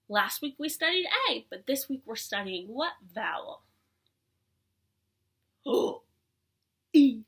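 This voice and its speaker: A young woman leading a preschool circle time lesson from home, with an animated sing-song manner that often drops to a soft whisper. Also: fairly high pitch, slightly rough. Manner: animated sing-song teacher voice with gasps and drawn-out words. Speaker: preschool teacher.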